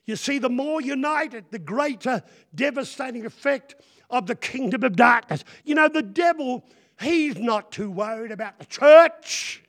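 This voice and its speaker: Male preacher, high voice, loud and rambling, jokes and crowd call-outs. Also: lively intonation, a little slow. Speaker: guest preacher. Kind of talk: sermon.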